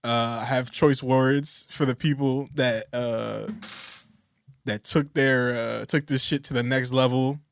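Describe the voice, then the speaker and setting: A man's voice: mid-range voice, fairly even intonation, takes it slowly, gravelly, smooth, no echo. Rambling male podcast co-host, dry sound. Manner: rambling, many fillers and restarts. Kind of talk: casual chat.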